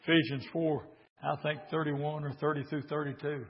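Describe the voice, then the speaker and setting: Male revival preacher. Pitched high, swings from hushed pleading to full shouts. Dull, lo-fi recording. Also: little pitch movement, normal speed, husky. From southern Indiana, USA. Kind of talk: revival sermon.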